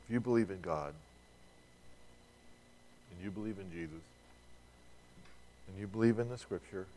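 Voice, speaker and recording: A man's voice: sits low, normal speed, mellow, slight background noise. A man preaching a sermon to a congregation in a conversational way, asking them rhetorical questions and repeating words as he restarts. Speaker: pastor.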